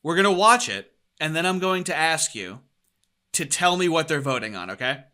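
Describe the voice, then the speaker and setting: A man's voice: fairly high pitch, animated, normal speed, bright, forceful tone, clear, resonant tone. A man hosting a podcast, reacting to clips in a profane, mocking, casual way. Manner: profane, mocking, laughs often. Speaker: podcast host. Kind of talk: casual commentary over clips.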